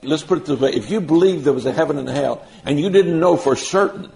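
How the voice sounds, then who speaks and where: A man preaching a sermon, stressing key words slowly and mixing in folksy everyday examples. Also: fairly high pitch, gravelly, darkish tone, rough recording.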